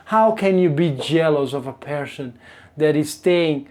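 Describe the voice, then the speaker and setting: Italian man, native speaker, vlogging from his kitchen to a tripod camera; mellow, warm tone, exasperated rant with frequent restarts. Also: fairly high pitch, a little slow. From Italy. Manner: animated, exasperated, many restarts. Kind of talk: casual ranting vlog to camera. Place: home kitchen. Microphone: camera on small tripod.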